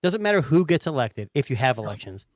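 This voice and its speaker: A man's voice: medium pitch, big pitch swings, fast, no room sound, clean studio sound. A man co-hosting a podcast in casual chat, joking and easygoing. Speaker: podcast co-host.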